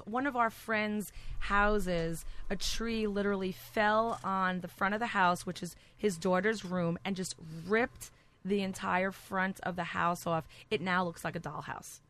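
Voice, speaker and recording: A woman's voice: mid-range voice, fairly bright tone. A middle-aged woman from New Jersey with a Jersey accent, chatting as a guest and telling stories with animation. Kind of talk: casual chat.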